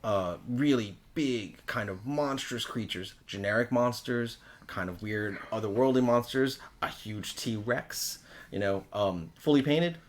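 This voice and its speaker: A man's voice: mid-range voice, measured pace. A man co-hosting a game shop's live show, talking up new products in enthusiastic casual chat and laughing often. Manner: enthusiastic, laughs often, loses his words. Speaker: co-host of a game shop show. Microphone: livestream.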